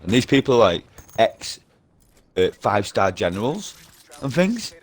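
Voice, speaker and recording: Deep-voiced guy on a headset in game chat, rambling nonstop, cursing constantly, conspiracy vibes. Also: sing-song, a little slow. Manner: nonstop, conspiratorial, heavy swearing. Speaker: stranger in a game voice party. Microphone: gaming headset over online voice chat.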